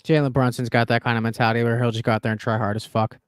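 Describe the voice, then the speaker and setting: A young sports betting podcast co-host rambles and swears heavily through casual, animated chat on the show. His mid-range voice is clear and resonant, delivered rapid-fire, in a dry recording with clean studio sound.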